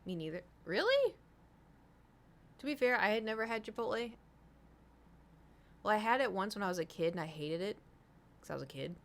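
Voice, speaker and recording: A woman's voice: mid-range voice, very animated, moderate pace, long pauses. A young woman streaming from home, chatting casually and rambling to her viewers, swearing now and then. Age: young adult.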